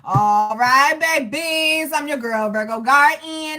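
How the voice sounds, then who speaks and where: A woman with a somewhat high voice giving a casual live tarot reading. She talks loosely and warmly to her viewers, calling them baby and boo. She breaks off to laugh and to greet people in the chat. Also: takes it slowly. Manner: chatty, calls listeners baby and boo. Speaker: tarot reader.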